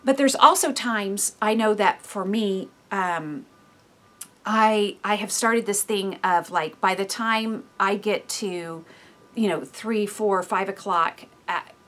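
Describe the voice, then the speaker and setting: A woman in her thirties giving a devotional teaching in a lively, expressive way, acting out inner voices and often dropping to soft, hushed tones. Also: medium pitch, slow. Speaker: speaker giving a devotional talk.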